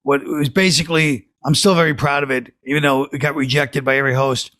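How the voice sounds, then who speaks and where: A man's voice: mid-range voice, steady tone, fast, a bit bright, no room sound. A man from Brooklyn, a guest comedian telling rambling, dry stories in a casual podcast chat. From Brooklyn, New York. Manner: rambling storyteller, dry and wry.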